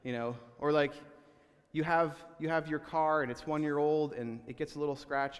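A man preaching in a large, echoing hall, his voice sitting a little higher than most men's. He talks to the congregation in a loose, conversational way, stumbling and restarting, and slips into little acted-out quotes. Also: steady tone, normal speed. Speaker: pastor. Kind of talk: sermon.

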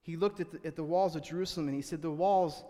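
Conversational pastor preaching in a reverberant hall. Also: male voice, a little high, very fast, dark tone. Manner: conversational preaching with frequent restarts and acted-out quotes. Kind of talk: sermon.

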